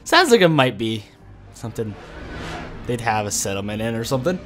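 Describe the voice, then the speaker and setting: Man, let's play commentary, swears a lot, rambles, pitch swings a lot, average pitch, faint music behind. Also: very animated, brisk. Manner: rambling and profane, often swears; thinks aloud while playing. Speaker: gamer playing a video game.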